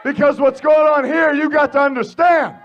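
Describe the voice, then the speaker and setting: A brash man cutting a wrestling promo in a high, strained voice, hurling taunts and shouting down the crowd. The sound is muffled arena broadcast audio with a crowd audible behind him. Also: steady tone, normal speed.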